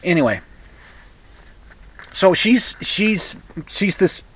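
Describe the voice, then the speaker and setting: A man's voice: sits high, very animated, slow pace, pushed and bright. An older man talking in a casual, rambling monologue, sarcastic, with frequent restarts and asides.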